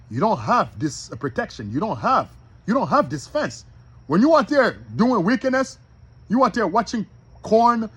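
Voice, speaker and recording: A man's voice: high-pitched, fairly bright tone, slightly rough. A man giving an informal, emphatic sermon, reading scripture aloud and repeating his points straight to his listeners. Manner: emphatic, repetitive, addresses listeners directly. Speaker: preacher.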